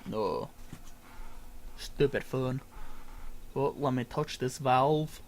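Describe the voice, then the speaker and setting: Streamer, man, strained tired voice, unhurried rambling commentary, gravelly fry. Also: mid-range voice, slight background noise. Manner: rambling, self-mocking asides. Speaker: game streamer. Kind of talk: casual gameplay commentary.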